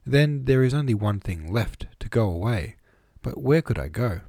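A man voicing a gentle, sorrowful young noblewoman in an audiobook, reading her lines in a raised, pleading tone. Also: fairly low pitch, normal speed, no echo, natural voice. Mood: tearful.

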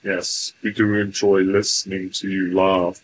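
A man speaking formally in a stilted, deliberate way as the voice in a channeling session, telling a joke and chatting with guests. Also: low-pitched, little pitch movement, noisy background.

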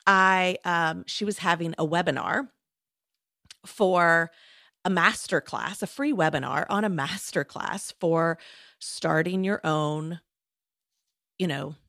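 A woman's voice: fairly low pitch, takes it slowly, vocal fry, long pauses, no room sound, studio quality. Chatty woman telling her story. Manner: chatty, animated, lots of fillers and quoted asides. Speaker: guest, former lawyer turned coach. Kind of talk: casual interview storytelling.

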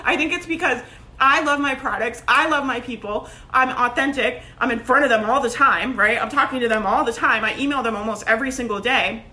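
A woman in her thirties giving a loud, emphatic motivational talk to camera, laughing often and peppering her speech with "like" and "right?". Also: on the high side, a little fast. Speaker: online business coach. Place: at home. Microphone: phone.

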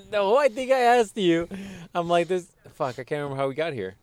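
A man's voice: sits high, sing-song, darkish tone, clean tone. A man co-hosting a podcast, reacting with profane jokes and asides in casual chat. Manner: joking, profane, quick to react. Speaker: podcast co-host.

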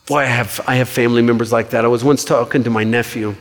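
A male pastor preaching a sermon in a conversational, animated way, with quick asides and stories. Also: mid-range voice. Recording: reverberant hall.

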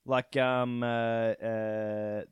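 A man's voice: mid-range voice, flat delivery, extremely slow, clear, resonant tone, no echo, lo-fi sound. Man, podcast co-host, chatty storyteller, interrupts often, mid-range voice, dry recording. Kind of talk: casual comedy podcast chat.

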